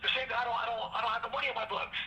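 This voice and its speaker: A man's voice: very high voice, level tone, racing, pushed and bright, full character voice. A man quoting a pushy agitated inmate. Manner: pushy, repeating himself. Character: agitated male inmate demanding answers. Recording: echoey phone line, distant mic, faint noise.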